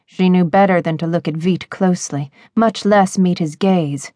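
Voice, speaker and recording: A woman narrating a romance audiobook in a measured, expressive reading on a close studio mic. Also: fairly low pitch, no room sound.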